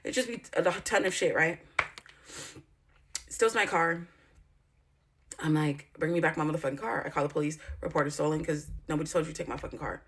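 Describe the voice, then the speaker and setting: Woman vlogger, lowish voice, blunt and profane, rambling storyteller with emphatic outbursts. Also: moderate pace, pauses often, fairly bright tone, husky. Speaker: YouTuber. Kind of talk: candid storytime vlog.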